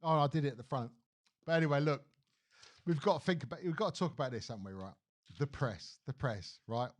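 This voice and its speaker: A man's voice: medium pitch, brisk. A man hosting a live stream, ranting bluntly about the news with lots of swearing. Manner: blunt, animated, swears freely. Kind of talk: casual opinion rant on a live stream.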